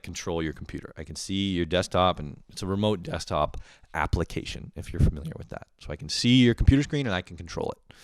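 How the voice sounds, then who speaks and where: A young podcast host with a low, clear, resonant voice casually tells funny work stories on his own, swearing, laughing, and breaking into squealing impressions. The studio-quality audio has no room sound.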